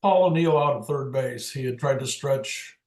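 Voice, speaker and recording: An older man recounts his days as an umpire in an animated, joking way, often breaking into laughter. His voice sits at an ordinary pitch for a man. The room around him is noticeably echoey. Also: normal speed. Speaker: retired MLB umpire, guest. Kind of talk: casual storytelling in an interview.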